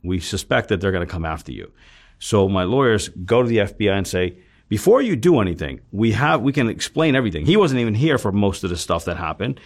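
Male interview guest, raspy low voice; intense storyteller who voices the other people in his tale. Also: big pitch swings, quick pace. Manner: retells scenes with quoted dialogue, swears freely; intense, emphatic when upset.

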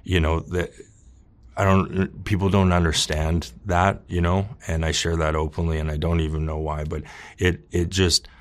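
A man openly telling his own recovery story, earnest and halting, with many restarts and "you know.". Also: low-pitched, level tone. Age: adult with children. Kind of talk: candid personal testimony.

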